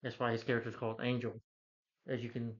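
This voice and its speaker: A man rambling through a casual movie review, often restarting his sentences and slipping into quoted lines. His voice sits at an ordinary middle pitch, and the recording sounds dull and lo-fi. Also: monotone, quick pace.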